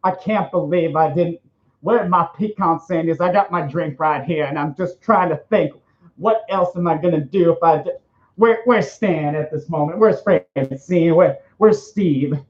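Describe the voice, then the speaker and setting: A campy, lisping alien diva, as a man puts him on whines and demands in a slightly high voice. He sounds flamboyant and put-upon. The recording is dull and lo-fi. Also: measured pace, natural voice. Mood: whiny, demanding. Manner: campy, whiny complaining. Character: flamboyant lispy male alien, demanding and dramatic.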